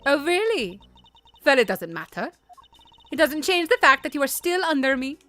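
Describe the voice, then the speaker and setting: A woman's voice: sits high, very animated, normal speed, sharp tone, faint music behind, voice pushed up, exaggerated voice. A woman voicing a haughty young female prosecutor who demands respect in an imperious tone.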